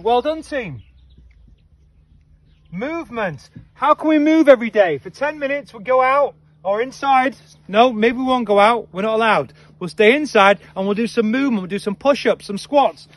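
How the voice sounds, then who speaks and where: A male head coach giving an upbeat, energetic coaching talk, quizzing listeners and calling them team. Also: extremely high pitch, dry recording. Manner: energetic, playful.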